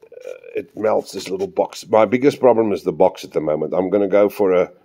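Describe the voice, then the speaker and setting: A man's voice: deep voice, steady tone, a little fast, mellow. Rambling chatty hobbyist man. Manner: rambling, chatty, addresses viewers as boys. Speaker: model railway hobbyist. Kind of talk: casual hobby demonstration.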